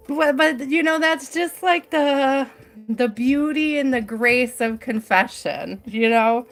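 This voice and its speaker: A young adult woman with a fairly high voice tells a long personal story on her live tarot stream. She talks casually and laughs often. Her speech is full of "like" and "right?". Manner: chatty, laughs often, many "like" fillers.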